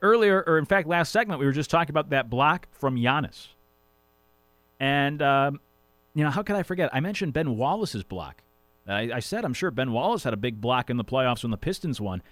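A man's voice: medium pitch, very animated, fairly quick, fairly bright tone, dry recording. A man hosting a sports radio show, talking casually with rambling jokey asides. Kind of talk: casual sports talk monologue.

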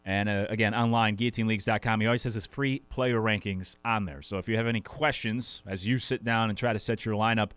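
A man hosting a sports radio show talks quickly and casually, rambling a little and poking fun at himself. He is from Connecticut. His voice is dry and close, with no room sound around it. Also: on the low side, steady tone, a bit bright, clean tone, no room sound. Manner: rambling, self-deprecating, conversational.

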